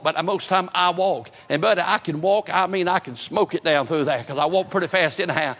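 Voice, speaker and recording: A man's voice: sits high, a little fast, hardly any pauses, a bit bright, big-room sound. A man preaching a sermon with a fervent, repetitive cadence.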